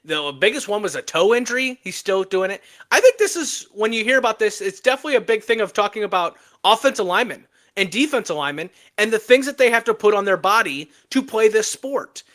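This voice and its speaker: Sports podcast co-host, male, high and bright, playful and emphatic. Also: quick pace, hardly any pauses. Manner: animated, joking, emphatic trash talk. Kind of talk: casual sports podcast chat.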